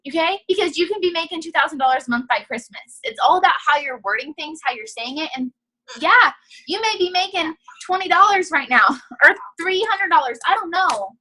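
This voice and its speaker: A woman's voice: extremely high pitch, animated, a little fast, rough recording. A young woman giving a casual, upbeat training talk over a video call, chatty and full of "you know". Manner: breaks off to quiet her child. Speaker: guest trainer.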